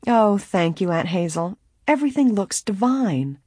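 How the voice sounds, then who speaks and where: A storybook reader voicing an excitable young woman who has just received an inheritance, breathy and eager. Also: medium pitch, unhurried, dry recording, clean studio sound, pitched above the performer's own voice. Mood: excited. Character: young woman overjoyed heiress.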